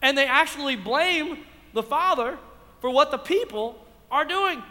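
A man's voice: extremely high pitch, animated, unhurried, sharp tone, big-room sound. A man preaching a sermon, asking his congregation rhetorical questions. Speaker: pastor. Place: church.

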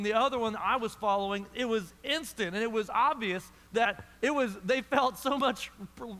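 High, bright-voiced preacher in a reverberant hall. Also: male voice. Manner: conversational preaching with repeated restarts. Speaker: pastor. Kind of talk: sermon. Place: large church hall.

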